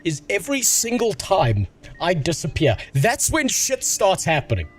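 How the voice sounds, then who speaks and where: A sick, medicated South African man hosts a livestream, rambling, swearing, and getting excitable in casual chat. His voice sits high and he speaks at a moderate pace. Soft music plays in the background.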